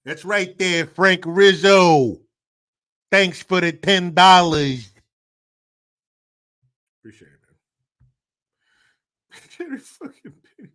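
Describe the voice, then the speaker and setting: A man's voice: high-pitched, animated, slow pace, pauses often, a bit bright, clear, resonant tone. A man hosting a livestream, joking crudely, laughing often and reading out viewer donations in casual commentary. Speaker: livestream host.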